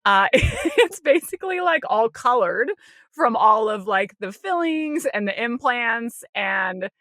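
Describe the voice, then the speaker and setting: A woman co-hosting a podcast, telling a personal story in a casual, animated way, acting out her own inner voice with light laughs and lots of "like". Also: fairly high pitch, slow, no room sound, clean studio sound. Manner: frequent light laughter and "like" fillers. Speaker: podcast co-host.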